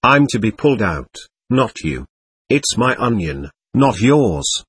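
A man's voice: on the low side, very animated, slow pace, fairly bright tone, breathy edge, exaggerated voice. A man reading the part of a proud, fiery young woman in an audiobook, speaking with passion that swings between scorn and confession. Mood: impassioned.

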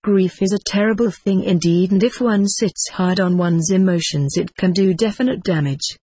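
Older man, husky voice, dry close sound, measured wry audiobook reading. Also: sits high, dark tone, no echo. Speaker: author reading his own book. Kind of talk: audiobook narration.

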